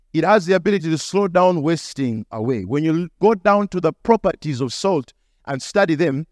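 This sermon comes from a male preacher with a fairly high voice who teaches by storytelling and occasionally plays the characters himself. It's a dry, close recording with almost no room sound.

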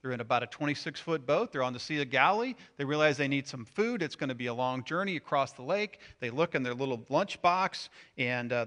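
Animated bright-voiced male preacher. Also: mid-range voice. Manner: animated, swings from loud emphasis to hushed asides. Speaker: pastor. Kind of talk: sermon.

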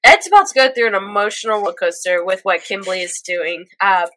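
A woman co-hosting a casual recap chat, animated and quick, a little stuffy from a cold, quoting characters' lines as she goes. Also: medium pitch, dry recording, low-quality recording. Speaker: podcast co-host recapping an anime episode.

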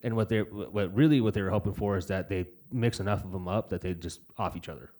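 A man's voice: sits low, fast, mellow. A young man in casual podcast chat, cursing freely and rambling through stories. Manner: profane, rambling storyteller. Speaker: podcast co-host.

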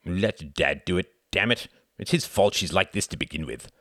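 A man's voice: low-pitched, expressive, normal speed, a bit bright, no room sound, studio quality, full character voice. A man voicing a cynical, resentful grown son who mutters sourly in an audiobook.

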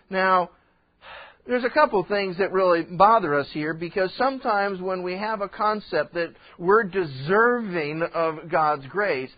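A male pastor preaches in a loose, conversational way and slips into the voices of the people he describes. His voice sits high for a man. The sound is muffled and lo-fi, like an old radio broadcast. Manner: conversational, acts out quoted voices. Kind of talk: sermon.

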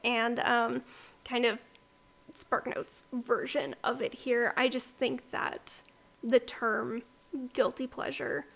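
A woman with a fairly high voice co-hosts a casual book club podcast over a podcast mic. She talks in a chatty, rambling way, often dropping "like" between thoughts. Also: fairly even intonation, takes it slowly, creaky, a bit bright. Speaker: podcast co-host.

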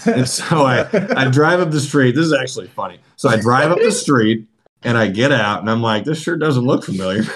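Swearing animated storyteller man. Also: a little high, slight background noise. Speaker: podcast co-host. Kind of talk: casual storytelling chat.

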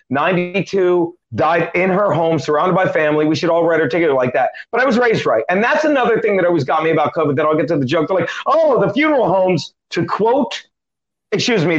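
A middle-aged man with a fairly high voice tells a rambling comic story as an interview guest. He jumps between asides and acted-out quotes. The recording sounds dull and lo-fi. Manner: animated, quick joking delivery with acted quotes. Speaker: comedian guest.

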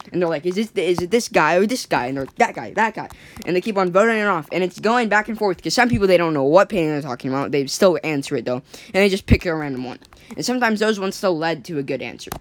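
Casual plot recap by an eager, rambling storyteller who acts out every character's line. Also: medium pitch. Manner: rambling, lots of "like" and restarts, acts out quoted lines. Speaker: storyteller retelling a cartoon episode. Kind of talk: casual excited retelling.

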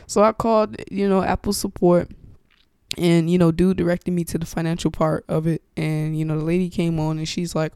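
A woman hosting her podcast from home tells her story bluntly and with lots of profanity, acting out what everyone said. Her voice has a gravelly, fry-edged texture that still comes through smooth and clear. The recording is close and dry, with no room sound. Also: fairly low pitch, moderate pace, dry recording. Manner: profane, blunt and animated, acts out quoted exchanges. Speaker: podcast host. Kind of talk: casual storytelling chat. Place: at home, with her dog nearby. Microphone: podcast mic, wearing headphones.

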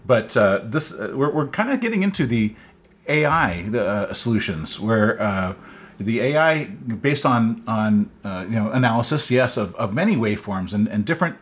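A man with a somewhat low voice co-hosts a casual tech podcast. He explains things at length, with frequent pauses and restarts. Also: animated. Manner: many fillers and restarts, explaining. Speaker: podcast co-host.

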